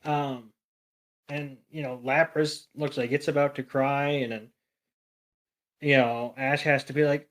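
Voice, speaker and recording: A man on a podcast, recapping a cartoon in an animated way, swearing freely and acting out characters' lines. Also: medium pitch, measured pace, pauses often. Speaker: podcast co-panelist. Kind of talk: casual episode recap.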